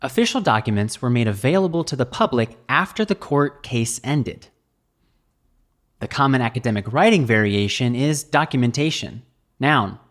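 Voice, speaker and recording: American man, vocabulary lesson, careful enunciation, lively intonation. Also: mid-range voice. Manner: slow, clearly enunciated word-by-word delivery. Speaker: English vocabulary teacher.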